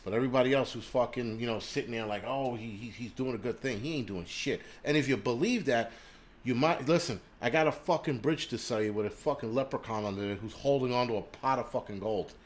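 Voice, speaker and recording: An angry man rants on a livestream, swearing constantly and talking straight at his viewers. He breaks off now and then to read out comments and donations. His voice sits at an ordinary mid pitch for a man. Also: fast, slight background noise. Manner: angry, profane, ranting; reads viewer names and donations aloud. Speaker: livestream host. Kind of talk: profane livestream rant.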